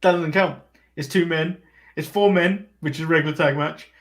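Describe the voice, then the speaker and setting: A man with a raised, high voice talks through a wrestling recap. He laughs often and argues his points. He keeps steering the chat on to the next match. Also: normal speed, fairly bright tone. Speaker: podcast co-host.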